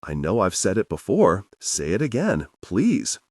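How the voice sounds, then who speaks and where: A man's voice: on the low side, huge pitch swings, unhurried, darkish tone, slightly rough, dry recording, studio quality, full character voice. A man voicing a self-pitying, washed-up middle-aged male rock star in an audiobook, drawling and mopey. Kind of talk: audiobook character voice.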